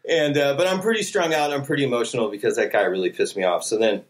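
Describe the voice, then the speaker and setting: A man's voice: medium pitch, quick pace. A man telling a long story in casual talk, swearing often and acting out what people said. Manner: animated, profane, acts out quotes with voices. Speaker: podcast guest telling a story.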